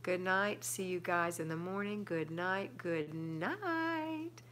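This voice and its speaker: A woman's voice: fairly low pitch, steady tone, measured pace, a bit bright, slight background noise. A middle-aged woman, hosting a casual live stream at home and chatting as she reads viewer comments aloud and answers them. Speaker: livestream host reading viewer comments.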